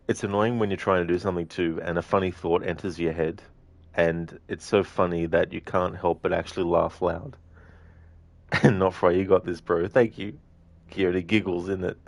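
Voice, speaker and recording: Giggly low-voiced male streamer. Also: no echo. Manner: giggly, chatty, reading chat aloud. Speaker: game streamer. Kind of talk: live gameplay stream chat.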